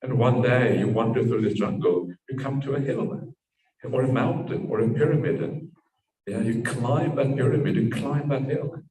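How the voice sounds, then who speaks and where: A Buddhist monk with a medium-pitched, dark voice gives a dharma talk at a meditation retreat at a moderate pace. He tells a parable, tagging sentences often with "yeah," captured by a distant mic in an echoey room.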